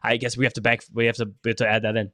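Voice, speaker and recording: Fast-talking, rambling male podcaster. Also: mid-range voice, no room sound, clean studio sound. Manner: rambling, animated, swears casually. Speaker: podcast co-host. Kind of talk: casual chat.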